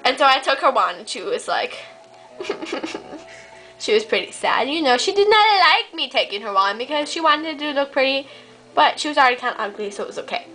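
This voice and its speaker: A woman improvising a comic story, rambling and deadpan, full of "you know" and "I was like". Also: sits high, moderate pace, soft background music, low-quality recording.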